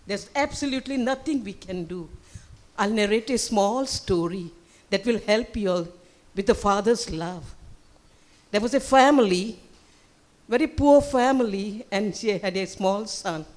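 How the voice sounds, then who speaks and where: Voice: mid-range voice, a little slow. A preacher tells a simple story and prays aloud, repeating phrases with emphasis. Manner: repetitive, emphatic, restarts phrases. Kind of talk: sermon with a story, then spoken prayer.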